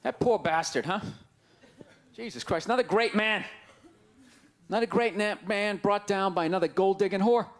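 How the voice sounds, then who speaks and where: A man in his forties doing a loud, exasperated, mocking stand-up rant on a club stage with a handheld mic. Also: sits high, moderate pace, pauses often. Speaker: stand-up comedian. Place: comedy club stage before a live audience. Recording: live club recording with crowd laughter and noise.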